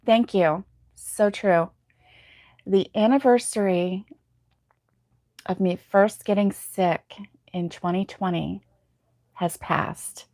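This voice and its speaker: A woman's voice: mid-range voice, fairly even intonation, slow, long pauses, a little mellow, no room sound, studio quality. A sleepy woman hosting a casual live stream, chatting to viewers by name with many ums and laughs. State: sleepy, yawning. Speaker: crochet channel host reading live chat.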